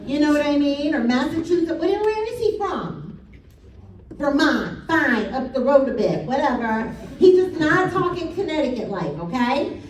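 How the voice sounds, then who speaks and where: A woman's voice: sits high, sing-song, normal speed. A woman psychic medium giving a live reading in a casual, blunt way, swearing and laughing. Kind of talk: live spirit-message reading. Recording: echoey room from a distance.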